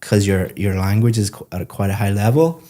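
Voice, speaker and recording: Low, dark-voiced man giving exam feedback. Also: brisk. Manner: patient, explanatory, demonstrates with example phrases. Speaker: IELTS teacher and examiner. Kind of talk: spoken feedback in a mock exam.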